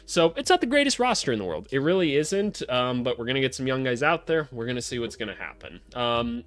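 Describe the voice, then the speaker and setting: A young adult man talking through basketball in a casual vlog. He is blunt and sarcastic and throws in swearing, with a voice of ordinary pitch. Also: a bit bright. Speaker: basketball analyst, channel host.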